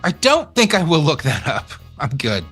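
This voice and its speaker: A man with an East Texas twang hosts a relaxed game stream, reading viewer messages aloud and cracking jokes. His pitch swings widely as he talks. His tone is bright and forward. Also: moderate pace, slightly rough, soft background music. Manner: animated, jokey, laughs often, reads chat aloud. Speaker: stream co-host reading chat. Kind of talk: casual game stream chat.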